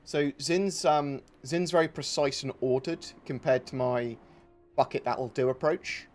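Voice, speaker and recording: A man's voice: fairly high pitch, a little slow, a little mellow, soft background music. Rambling man hosting a livestream. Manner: rambling, self-interrupting, chaotic. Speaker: livestream host. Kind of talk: casual livestream chat.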